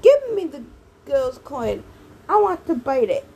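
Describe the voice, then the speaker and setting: A woman reading aloud, voicing a greedy, blind old hag who whines and demands, shrill in tone. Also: very animated, a little slow, a little mellow, full character voice. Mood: whining.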